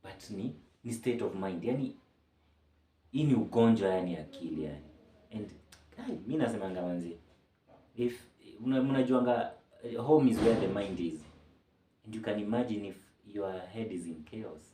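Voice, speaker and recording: Recorded from a distance with a roomy, off-mic sound, a mental health explainer speaks casually and chattily, joking as he goes. His lowish voice is animated and mellow at a moderate pace.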